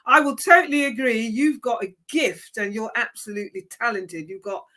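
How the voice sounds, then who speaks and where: A woman's voice: a little high, normal speed, sharp tone. A woman hosting a casual interview, encouraging her guest and speaking to the listeners with enthusiasm. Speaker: host.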